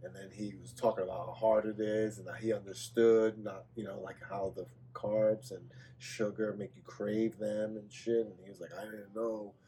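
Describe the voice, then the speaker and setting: A man in a casual podcast chat, telling animated stories and swearing freely. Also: fairly low pitch, moderate pace, few pauses, slight background noise. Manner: animated storyteller, swears a lot. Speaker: podcast guest or host.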